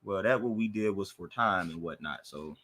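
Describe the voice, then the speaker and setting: A man's voice: low-pitched, moderate pace, a bit bright. A young man joining his wife's casual live-stream chat, bantering and playfully defensive. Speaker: guest.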